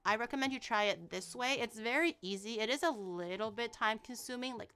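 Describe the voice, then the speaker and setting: A woman chatting casually on a cooking livestream, excitable and rambling, swearing freely as she goes. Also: on the high side, a little fast. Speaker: streamer cooking on stream.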